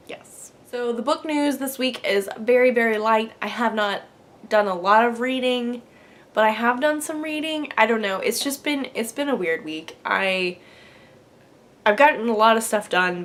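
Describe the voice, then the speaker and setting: A young woman in her twenties hosts a casual knitting podcast from home. She rambles in a bubbly, chatty way with plenty of fillers. Her pitch sits in a plain middle range for a woman. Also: fairly bright tone. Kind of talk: casual chat to camera.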